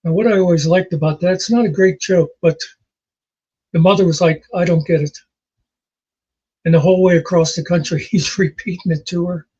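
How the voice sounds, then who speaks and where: A man in his sixties with a husky voice, chatting casually as a host and telling rambling jokes and memories. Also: high-pitched, fairly even intonation, fairly quick, darkish tone. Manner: rambling storyteller, laughs at his own jokes. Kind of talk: casual chat. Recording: dull lo-fi recording.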